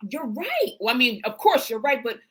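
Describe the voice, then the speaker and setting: A woman hosting an interview, reacting and asking in an eager, animated way. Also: sits high, moderate pace, breathy edge. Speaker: podcast host. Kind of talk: casual interview chat.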